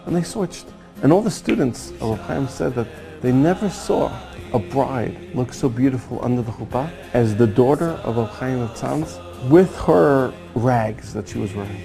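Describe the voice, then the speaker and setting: A man giving a storytelling sermon on Kabbalah, animated and acting out the quoted dialogue. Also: medium pitch, moderate pace, vocal fry, music in the background, low-quality recording. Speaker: Kabbalah teacher.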